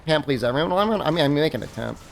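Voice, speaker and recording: Streamer, casual gaming chat, rambly and animated, lots of fillers, soft music underneath. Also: medium pitch, racing, vocal fry. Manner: rambling, many fillers and restarts, laughs at own stories. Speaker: game streamer.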